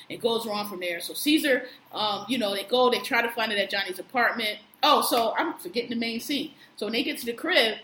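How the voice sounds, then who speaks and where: A woman's voice: medium pitch, bright, forceful tone. A woman casually retelling a film's plot, acting out the characters' lines with plenty of swearing. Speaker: podcast co-host recapping a film. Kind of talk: casual storytelling chat. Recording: echoey room with faint noise.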